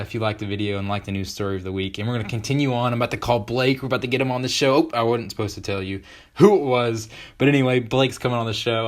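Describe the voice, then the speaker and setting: A teenage boy hosting a podcast, chatting in a joking, excitable way with lots of fillers. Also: on the low side. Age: teens. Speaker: podcast host. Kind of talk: casual podcast chat.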